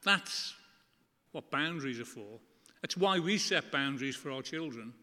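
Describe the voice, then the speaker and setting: A middle-aged man preaching a sermon to a church congregation, earnest and conversational, with emphatic pauses. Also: medium pitch, animated, bright, forceful tone. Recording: long church reverb.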